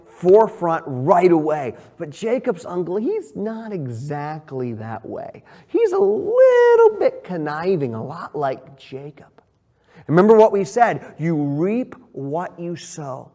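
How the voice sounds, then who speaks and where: A man leads a children's Bible lesson in a church, his voice sitting a little high. He tells the story with animated energy and reads scripture aloud, and a long reverb trails every phrase.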